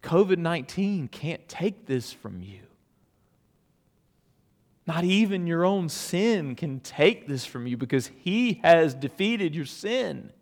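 A man preaching with a slightly high voice that carries a long hall reverb. He shifts from loud, emphatic peaks to hushed near-whispers and tells stories in a conversational way. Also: sing-song, slow. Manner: conversational and storytelling, with restarts. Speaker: pastor. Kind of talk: sermon.

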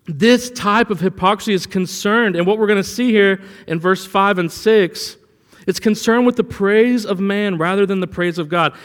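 A man with a high voice preaches in a relaxed, storytelling way, leaning hard on key words. His voice rings out with a long hall reverb. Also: clean tone. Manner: conversational preaching with anecdotes, rising for emphasis. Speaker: pastor. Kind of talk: sermon.

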